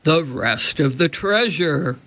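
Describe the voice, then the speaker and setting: Man growling as a gravelly pirate captain. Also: a little high, lively intonation, takes it slowly, bright, forceful tone, heavily acted. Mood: menacing. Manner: growling, roaring pirate talk. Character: gruff scowling male pirate captain. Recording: dull lo-fi recording.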